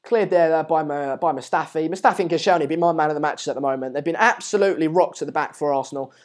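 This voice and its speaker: A man's voice: on the high side, quick pace. A man hosting a casual live football watchalong, rambling and chatty with many fillers, often urging viewers to subscribe. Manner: repeatedly urges viewers to subscribe. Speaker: live-stream host.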